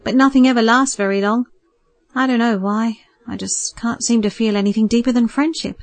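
A woman's voice: a little high, steady tone, brisk, no room sound, close to an everyday voice. A woman voicing a polite, guarded young man who deflects his mother's questions, in a dry recording. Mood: subdued. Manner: polite, subdued, a bit defensive. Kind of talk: audiobook character voice.

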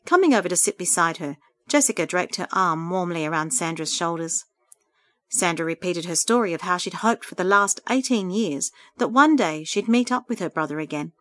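A woman reading a story aloud, calm and steady, at a middle pitch. The recording is close and dry, with no room echo. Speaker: narrator.

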